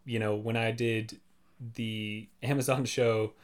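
A man, a working actor, chatting casually and telling lively stories, now and then slipping into quick impressions. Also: on the low side. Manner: animated storyteller, drops into quick impressions. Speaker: actor, podcast guest. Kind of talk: casual chat.

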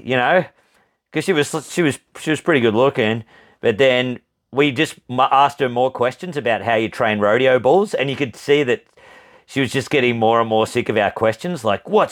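Rambling Australian bloke telling a yarn. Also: male voice, mid-range voice, normal speed. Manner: rambling, laughs often, swears freely. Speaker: podcast co-host. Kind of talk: casual storytelling chat.

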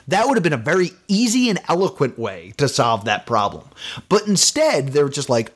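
A man's voice: fairly high pitch, big pitch swings, fairly quick. A man hosting a podcast, giving a casual film review in an exasperated, rambling rant full of fillers. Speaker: podcast host.

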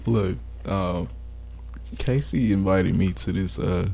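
Male co-host with a deep, gravelly voice and a measured, wry delivery. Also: warm tone. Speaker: podcast co-host. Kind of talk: casual chat.

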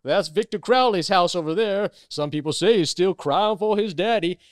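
A man voicing a showy male swamp tour guide in a put-on Louisiana bayou accent, loud and drawn out. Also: high voice, no room sound, clean studio sound, voice pushed up, close to an everyday voice. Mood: hamming. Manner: loud, drawn-out showman patter.

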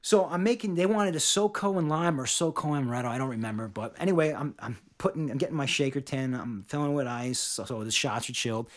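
A middle-aged man hosting a podcast, telling a bartending story in casual, animated chat full of cursing, restarts and "man". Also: medium pitch, fast, few pauses.

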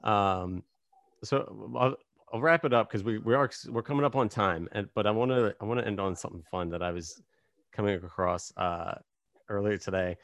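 A man's voice: fairly low pitch, normal speed, fairly bright tone, no room sound. A man hosting a casual podcast conversation, telling rambling, self-deprecating stories. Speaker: podcast host.

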